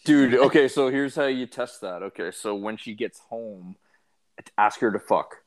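A man's voice: mid-range voice, measured pace. A young man chatting casually, telling crude anecdotes in a laid-back way with fillers.

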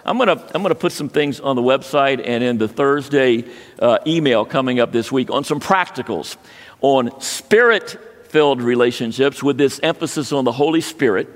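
Halting man preaching in a reverberant hall. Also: mid-range voice. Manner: halting, restarts often, emotional personal story. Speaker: pastor. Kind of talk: sermon.

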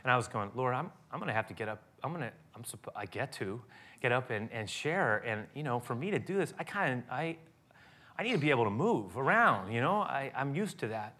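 A middle-aged man preaching a sermon, animated, acting out dialogue with rising intensity. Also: medium pitch, fairly quick. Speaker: pastor.

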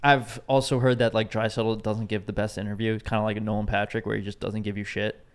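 A man co-hosting a casual sports chat, ranting bluntly with plenty of swearing, his voice getting a little hoarse. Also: on the low side, quick pace. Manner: blunt, profane, animated ranting. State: losing his voice. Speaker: podcast co-host.

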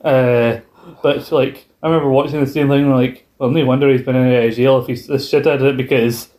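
A Scottish man co-hosting a film podcast, chatty and adding plot details with quick restarts. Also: medium pitch, fairly even intonation, a little mellow. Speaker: podcast co-host. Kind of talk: casual film review chat.

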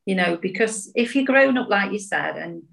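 A middle-aged woman speaking as a podcast guest, explaining her views in a thoughtful, gentle way. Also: mid-range voice, lively intonation, normal speed, vocal fry. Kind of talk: casual reflective chat.

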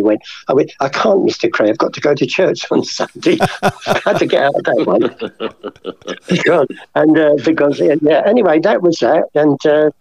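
An older man tells his stories with energy and acts out every voice. His tone is dark, husky and dry, and the recording is a little dull. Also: a little high, normal speed, no echo. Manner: lively anecdotal, acts out dialogue. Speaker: guest, former art forger. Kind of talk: storytelling interview.

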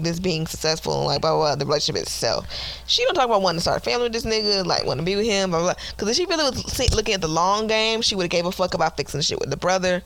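Bright-voiced woman ranting, fired up. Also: mid-range voice, low-quality recording. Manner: heated, profane ranting; fast, emphatic bursts. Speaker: podcast co-host. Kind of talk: casual TV recap chat.

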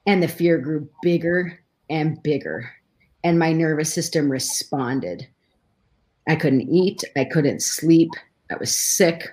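A woman's voice: low voice, slow, dark tone. A middle-aged woman, a guest in a conversation, telling a personal story with emotion and many restarts.

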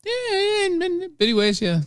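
A man co-hosting a casual podcast, chiming in with agreement and quick jokes. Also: very high-pitched, sing-song, a bit bright. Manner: joking, agreeing, quick quips. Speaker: podcast co-host. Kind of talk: casual political chat.

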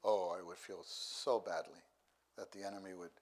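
A middle-aged man preaching a sermon, unhurried, who repeats key phrases for emphasis. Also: low voice, steady tone.

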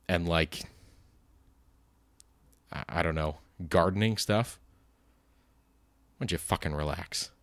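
Host type, late 20s man, lowish voice, loose profane rambling delivery, dry close sound. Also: dry recording. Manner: rambling, profane, self-deprecating. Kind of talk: casual solo monologue.

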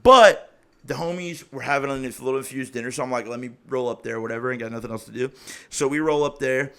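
Guy, 30s, swearing a lot, telling a wild story on his podcast, animated. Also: mid-range voice, fast talker. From Ohio, USA. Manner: profane, animated storyteller acting out quotes. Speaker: podcast host. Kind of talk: casual storytelling.

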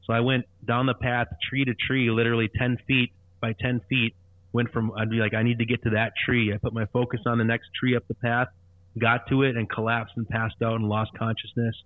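A man's voice: mid-range voice, little pitch movement, dry recording. A man in his thirties telling his conversion story earnestly, with frequent restarts. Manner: earnest, repetitive, halting restarts. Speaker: guest sharing conversion testimony. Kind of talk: personal testimony storytelling. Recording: tinny phone-like line, dry.

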